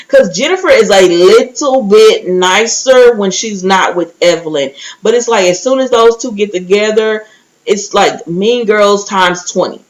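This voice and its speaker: A woman talking through a recap in a loose, conversational way, with a mid-range voice that is neither high nor low. She keeps the story moving with animated asides and quick little impressions of what other people said. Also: low-quality recording. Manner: quick acted-out quotes of others. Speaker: recap vlogger. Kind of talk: casual reality-TV recap.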